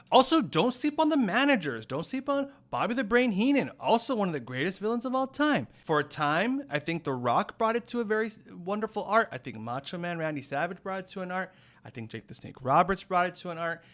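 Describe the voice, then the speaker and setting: A man as a guest on an improvised comedy podcast, talking in a rambling, deadpan way. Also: fairly high pitch.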